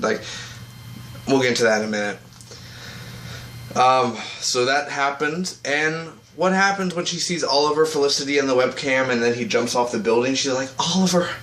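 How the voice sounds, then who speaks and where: Rambling, excitable man reviewing a TV episode. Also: medium pitch, roomy sound. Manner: rambling and excitable, acts out characters' lines. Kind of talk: casual spoken review. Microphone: tablet.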